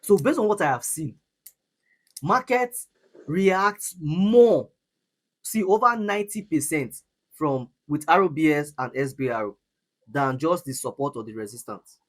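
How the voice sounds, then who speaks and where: A Nigerian man in his younger years leads a live trading lesson. His voice is husky and sits a little high, and he drives his points home by repeating phrases and restarting sentences. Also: lively intonation, unhurried. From Nigeria, Edo State. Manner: repetitive, emphatic, restarts often. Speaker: forex trading mentor. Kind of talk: live trading session teaching.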